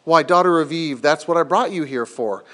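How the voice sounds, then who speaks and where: A man's voice: on the high side, moderate pace, sharp tone. A man voicing a talkative, gloomy male beaver while reading a storybook aloud. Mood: eager.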